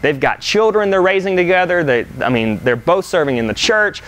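A man's voice: high-pitched, lively intonation, fairly bright tone. Earnest man preaching a sermon. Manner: earnest storytelling with slow emphatic pauses. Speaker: pastor. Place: church sanctuary.

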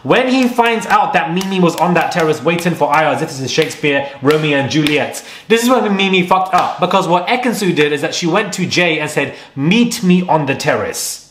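A man's voice: a little high, a little hiss or hum. A young man hosting a casual vlog, ranting energetically about a reality show with bursts of laughter. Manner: energetic, animated, quick rants with laughs. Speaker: YouTube host. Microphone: desk microphone. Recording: echoey room.

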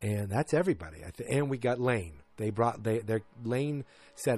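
Over soft background music, this man recaps a TV episode on his podcast in a loose, rambling, excited way. His voice is medium-pitched and darkish, animated, and moves at a moderate pace.

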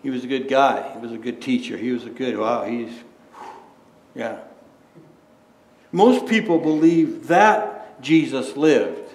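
A man's voice: mid-range voice, unhurried, pauses often, a little mellow. A man preaching a sermon as pastor, conversational, asking rhetorical questions and often restarting his words. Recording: echoey room.

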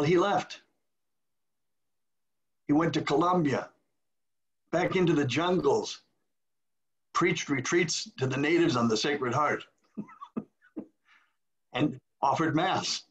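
A man's voice: a little high, slow pace, long pauses. An older man, a retired priest, telling a story in a video call, acting out the voices of the people he quotes. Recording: dull lo-fi video call audio.

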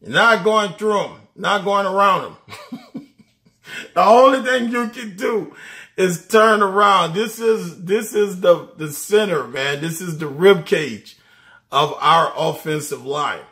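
Bright, excited man. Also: high voice, slow pace. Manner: enthusiastic, laughs often, repeats words. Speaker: college football commentator. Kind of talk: casual sports talk.

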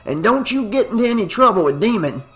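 A man's voice: high voice, very animated, fast, a bit bright, faint music behind, voice pushed up, full character voice. A man voicing a stern older man giving a lecture, in an audiobook reading.

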